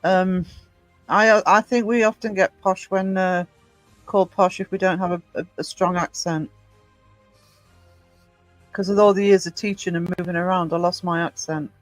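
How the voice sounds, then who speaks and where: A woman's voice: fairly low pitch, fairly even intonation, moderate pace, pauses often, no room sound, soft background music, poor audio. Host, woman from Northumberland, chatty, dry close sound. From Northumberland, England. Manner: chatty, reads chat comments aloud. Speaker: livestream host. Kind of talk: casual chat with live viewers.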